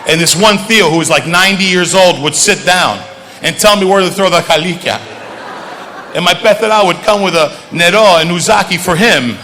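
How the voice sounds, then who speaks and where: A middle-aged male comedian doing stand-up, telling lively stories and switching between English and Greek. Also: high voice, normal speed, a little hiss or hum. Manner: animated storytelling, switches into Greek. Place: comedy stage. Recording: reverberant stage hall, faint ambience.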